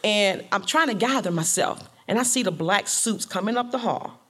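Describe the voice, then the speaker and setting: A woman from Detroit, a home care worker and organizer, telling a personal story in a lively, colloquial way, acting out her own reactions. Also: mid-range voice, moderate pace, breathy edge. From Detroit, USA.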